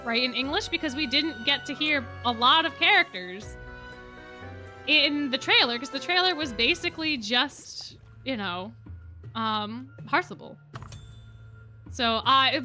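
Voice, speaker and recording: Young woman streamer, high lively voice, gushing fan chatter with music under it. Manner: excitable, repeats herself, gushing fan talk. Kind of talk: casual reaction chat. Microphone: desk mic.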